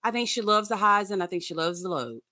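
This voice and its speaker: Blunt, bright-voiced woman guest. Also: medium pitch, animated, fast talker, dry recording, clean studio sound. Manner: blunt, emphatic reactions with swearing. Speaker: podcast guest. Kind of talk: casual chat.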